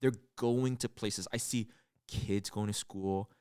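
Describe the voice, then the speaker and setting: A young man co-hosting a comedy podcast, telling stories in a casual chat and acting out loud outbursts. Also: lowish voice, takes it slowly, smooth, no echo, studio quality. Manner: animated storyteller, acts out loud outbursts. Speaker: podcast co-host.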